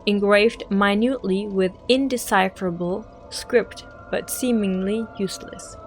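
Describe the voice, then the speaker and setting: A woman guiding viewers through a game in chatty, emotional commentary. Her voice sits at a middle pitch, with faint music under her narration. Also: unhurried. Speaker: game walkthrough host. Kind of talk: gameplay commentary.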